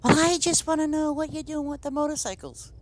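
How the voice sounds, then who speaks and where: A woman putting on the voice of a demanding, indignant elderly woman who is shrill and pushy. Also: fairly even intonation, fairly quick, natural voice.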